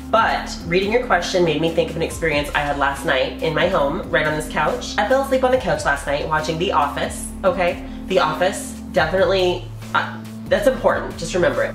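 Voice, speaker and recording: A woman's voice: on the low side, echoey room. A woman vlogger answering viewer questions in a casual, candid way, often swearing and laughing, from her living room. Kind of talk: casual Q&A chat.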